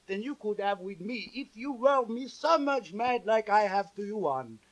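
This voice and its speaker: Pompous aging Frenchman played by a man, fake French accent, broken English, high voice. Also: lively intonation, normal speed, poor audio. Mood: indignant.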